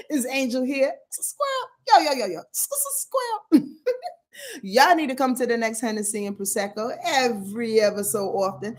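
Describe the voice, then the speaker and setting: Animated slangy woman talking astrology. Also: a little high, a little slow, long pauses. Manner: animated, slangy, laughs often, clears throat. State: sore back. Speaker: astrology channel host. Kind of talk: casual livestream astrology talk.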